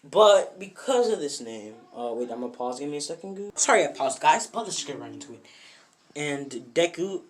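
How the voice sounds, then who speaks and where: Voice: medium pitch, big pitch swings, a little fast. A narrator telling a fan what-if story off the cuff at home, rambling with many fillers and self-corrections. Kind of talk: casual improvised storytelling. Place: bedroom at home.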